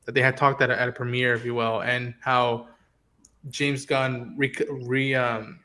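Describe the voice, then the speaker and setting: A man's voice: medium pitch, level tone, a little slow, pushed and bright. A man hosting a casual online chat, talking in an easygoing, rambling way with many fillers. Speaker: host.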